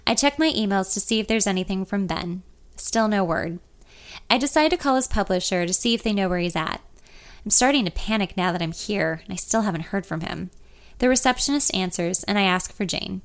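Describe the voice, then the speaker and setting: A woman's voice: medium pitch, brisk. Woman narrator for a first-person audiobook; conversational, reflective delivery in a mid-range voice.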